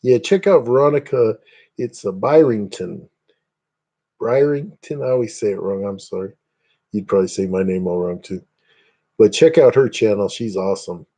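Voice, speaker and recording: Guy rambling on a livestream, kinda low voice, super mellow and dark. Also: brisk. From Northeast Indiana, USA. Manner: rambling, chatty, greets viewers by name. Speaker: livestream host. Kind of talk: casual livestream chat.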